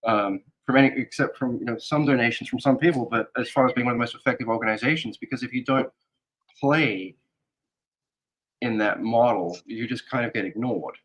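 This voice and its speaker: A man as an interview guest, speaking earnestly in halting fragments as he thinks aloud. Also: medium pitch, fairly bright tone, low-quality recording. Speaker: guest, security advisor. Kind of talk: casual interview talk.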